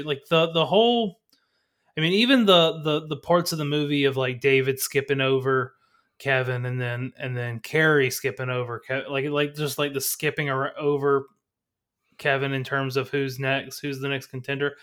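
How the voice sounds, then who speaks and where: A man's voice: medium pitch, a bit bright. A man co-hosting a movie podcast, talking in casual review chat and rambling through many restarts. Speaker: podcast co-host.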